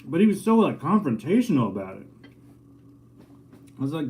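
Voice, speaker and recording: A man's voice: a little high, sing-song, normal speed, pauses often, darkish tone. Laid-back man rambling over breakfast. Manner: laid-back and rambling, full of filler words. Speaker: painter and muralist. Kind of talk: casual vlog storytelling.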